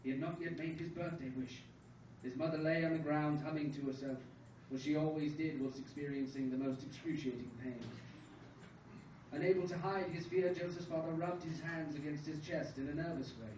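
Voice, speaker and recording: A young man reads his absurd short story aloud with deadpan dryness, at a fairly high pitch. He is heard from a distance in an echoey coffee house, with café noise behind him. The recording is dull and lo-fi. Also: fairly quick. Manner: deadpan, dryly absurd delivery. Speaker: student reader. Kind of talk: reading his own comic short story at an open mic. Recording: echoey room from far off, dull and noisy. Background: café room ambience.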